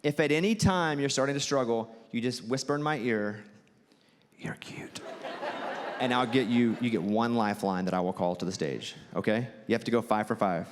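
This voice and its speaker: A man with a Southern US accent doing stand-up storytelling for a theater crowd, animated and jumping high when he acts out quotes. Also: a little fast, few pauses, a little hiss or hum. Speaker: comedian and host. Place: theater stage. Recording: live theater with long reverb and faint ambience.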